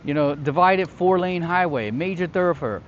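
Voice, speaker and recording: This show host's voice sits on the high side, with lively intonation and a normal speed. He tells listeners about his former life as a security contractor in a relaxed, chatty way, frequently checking in with them, over a slightly dull, lo-fi recording with light background noise.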